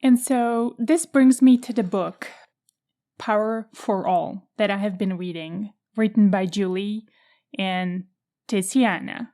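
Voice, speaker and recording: Slow, reflective Czech-accented woman. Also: medium pitch, mellow. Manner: thoughtful, measured, pausing to reflect. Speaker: podcast host. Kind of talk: reflective solo podcast monologue.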